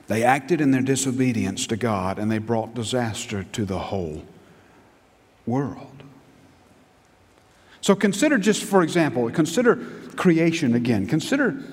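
A middle-aged man preaching a sermon, asking rhetorical questions and jumping up in pitch for emphasis. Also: a little mellow. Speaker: pastor. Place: church sanctuary. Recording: long reverb of a large hall.

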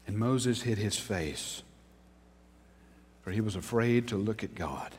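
A man preaching a sermon as pastor, with dramatic pauses, sudden swings in volume and emphatic peaks, speaking straight to his congregation. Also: on the low side. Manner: speaks directly to the congregation, asking them to repeat words. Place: church sanctuary. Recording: long reverb from a large hall.

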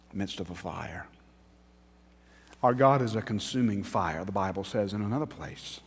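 A man preaching a sermon as pastor, with dramatic pauses, sudden swings in volume and emphatic peaks, speaking straight to his congregation. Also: mid-range voice. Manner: speaks directly to the congregation, asking them to repeat words. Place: church sanctuary. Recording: long reverb from a large hall.

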